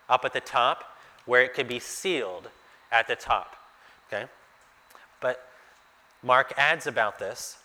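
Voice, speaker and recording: A man with a mid-range voice, pushed and bright, preaches a sermon through a Bible passage. He talks conversationally and poses rhetorical questions to his listeners, recorded in an echoey hall with long reverb.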